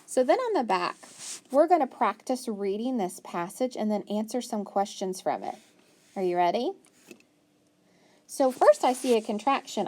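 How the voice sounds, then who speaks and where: A woman with a slightly high, expressive, darkish voice teaches phonics to young children. She sounds out each word slowly and patiently, breaks it into parts, and praises every answer.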